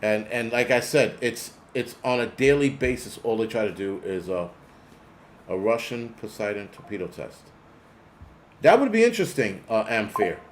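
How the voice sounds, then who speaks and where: A prepper channel host with a fairly low, very animated voice talks at a moderate pace in a casual live stream. He rambles, curses, and calls out chat names, with slight background noise behind him.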